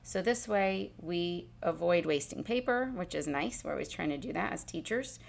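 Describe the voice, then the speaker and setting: A woman teacher calmly explaining a spelling exercise step by step, sounding out letters and sounds as she goes. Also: lowish voice, normal speed, vocal fry, slight background noise. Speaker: literacy teacher. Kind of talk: instructional demonstration.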